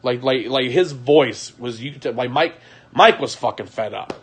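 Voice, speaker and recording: A man in an ordinary middle pitch speaks straight to his audience in a confessional monologue. His voice jumps from loud outbursts to hushed, low passages. He keeps restarting his sentences and swears bluntly while he recounts what happened. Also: normal speed, husky. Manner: agitated storytelling, voice rising and falling sharply; frequent restarts and profanity. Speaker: vlogger.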